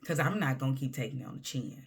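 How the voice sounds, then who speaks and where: A woman's voice: extremely low pitch, animated, fast, slightly rough. A woman talking candidly to camera in a personal monologue, emphatic and conversational, sometimes dropping to a near-whisper. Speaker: vlogger.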